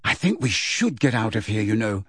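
A man's voice: fairly low pitch, very animated, moderate pace, a bit bright, slightly rough, dry recording, studio quality, heavily acted. A man voicing an anxious, earnest teenage schoolgirl who pleads with her friends.

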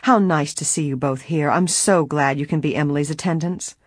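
A woman reading aloud lifts her voice for a kind, flustered aunt in her fifties, gushing over her guests. Her tone rises bright and high, close and dry, with a little husk. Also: normal speed, husky, dry recording. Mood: effusive. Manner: effusive, flustered.

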